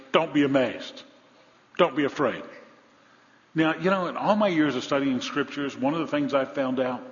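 Male preacher, animated storyteller, loud peaks and hushed drops; dull recording in a big reverberant hall. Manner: dynamic preaching, rising to loud emphasis then dropping low and soft; storytelling with humor. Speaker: pastor. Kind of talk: sermon.

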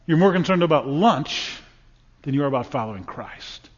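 A man's voice: on the high side, animated, moderate pace, breathy edge. A man preaching a sermon as a pastor, folksy and storytelling, often repeating words as he builds his points. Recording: dull sound with long reverb in a hall.

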